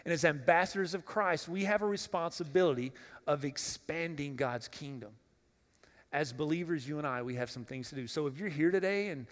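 Higher-voiced pastor preaching in an echoing church. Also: male voice. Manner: casual and direct, asks the congregation questions, often repeats words as he restarts. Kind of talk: conversational sermon. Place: church sanctuary. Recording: long reverb of a church hall.

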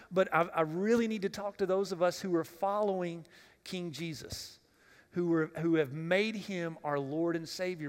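A man preaching a sermon as pastor in a church, talking casually and directly, putting questions to the congregation and often repeating words as he restarts. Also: high voice. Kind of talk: conversational sermon. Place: church sanctuary. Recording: long reverb of a church hall.

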